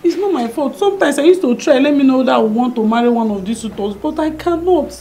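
A woman's voice: high voice, expressive, fast talker, mellow, a little hiss or hum. An actress playing a young woman in a film drama, insistent and pleading as she refuses to marry. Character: young woman defiantly refusing an arranged marriage. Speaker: daughter.

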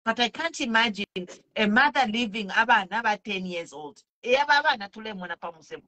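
Earnest Zambian woman, bright voice. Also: on the high side, animated, fast talker. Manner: earnest, pleading, switches languages mid-sentence. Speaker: speaker sharing testimony. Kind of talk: personal testimony mixing English and Bemba.

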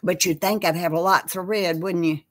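A woman's voice: lowish voice, steady tone, moderate pace, a bit bright. A woman hosting a casual live chat, talking with viewers and reading out their names. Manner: chatty, reads out viewer names.

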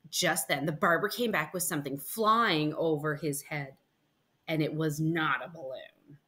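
A woman reading a children's picture book aloud for storytime, expressive and playful, with asides to her young listeners. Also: low voice, a little slow.

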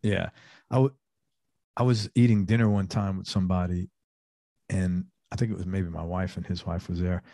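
A man hosts a casual interview, asking long, enthusiastic, rambling questions. His voice sits a little low. The sound is close and dry, with no room echo. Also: fairly even intonation, normal speed, dark tone. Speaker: interview host.

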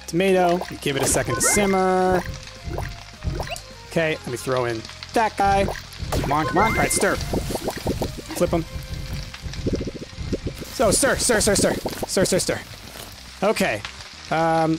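A man narrating his own game playthrough in a let's-play style. He is excitable and self-deprecating, talks straight to his viewers and often breaks into frustrated yelps. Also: on the high side. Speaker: gaming commentator. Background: game music.

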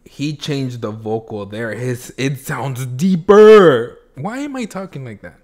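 Slow-talking man reacting with loud gasps. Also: mid-range voice. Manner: exclamatory, bursts of loud gasps and cheers; talks straight to viewers. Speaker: reaction video creator. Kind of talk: excited reaction commentary. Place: home. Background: faint music playing.

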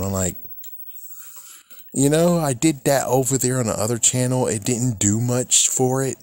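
A man's voice: mid-range voice, normal speed, mellow, dry recording. A man on a YouTube channel, talking in a casual, rambling rant, frustrated and swearing often. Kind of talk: casual ranting vlog.

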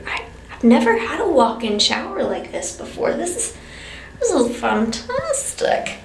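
A woman's voice: fairly high pitch, sing-song, unhurried, vocal fry, a little hiss or hum. A tired young woman chatting casually as she vlogs a tour of a small hotel room, with self-deprecating asides. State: tired and yawning. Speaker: vlogger.

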